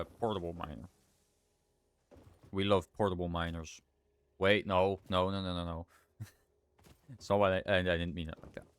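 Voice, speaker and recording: A man's voice: deep voice, fairly bright tone, clean tone. A young man streaming a game, thinking aloud in rambling casual commentary and often correcting himself. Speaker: livestreamer.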